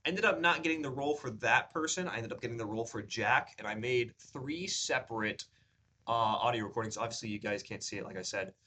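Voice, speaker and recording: Bright-voiced man telling a rambling story. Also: a little fast. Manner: rambling, upbeat storytelling with many fillers and restarts; says his pitch rises above his normal low voice when he talks at length. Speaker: vlogger sharing his acting journey. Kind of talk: casual vlog chat.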